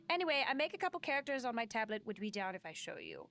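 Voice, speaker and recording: A woman's voice: fairly high pitch, sing-song, very fast, a bit bright, soft background music. A woman streaming a game live, chatting casually and reading game text aloud, swearing and joking about herself. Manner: chatty, self-mocking, swearing.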